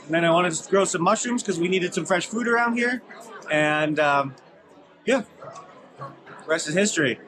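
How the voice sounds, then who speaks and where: Brief: high-pitched man, relaxed vendor chat, loud crowd chatter behind. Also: normal speed, long pauses. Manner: relaxed, listing things with fillers. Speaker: mushroom farmer vendor. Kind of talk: casual interview. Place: outdoor expo booth.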